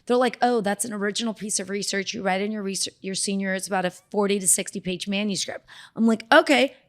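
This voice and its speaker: Animated middle-aged woman telling her story. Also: mid-range voice, fast. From Southern California. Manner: animated, acts out quoted voices. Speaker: dermatologist guest. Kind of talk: casual interview storytelling.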